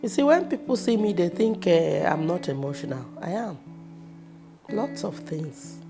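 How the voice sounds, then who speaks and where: Nigerian lady telling stories, lowish gravelly voice, guitar music playing under her. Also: a little slow. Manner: expressive, animated storytelling with sudden loud bursts. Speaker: actress in a personal interview. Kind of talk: casual personal storytelling.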